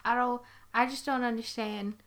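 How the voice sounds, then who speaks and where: A woman's voice: a little high, steady tone, normal speed, a bit bright. A young woman giving a casual movie review, chatty and sarcastic, with frequent giggles and rambling asides.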